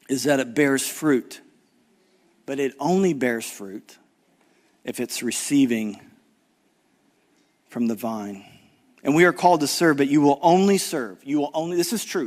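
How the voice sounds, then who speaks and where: A middle-aged man preaching a conference sermon, swinging from loud urgent emphasis to low hushed appeals and acting out the voices of people in the story. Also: lively intonation, a little slow, pauses often. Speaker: guest preacher.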